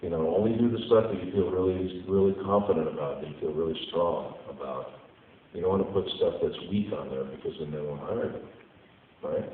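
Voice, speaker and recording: A man's voice: low voice, a little fast, narrow, tinny audio, slight background noise. A man speaking as a voice actor on a panel, giving blunt, practical advice. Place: convention panel room. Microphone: audience member's cell phone. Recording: echoey hall on a phone from far off.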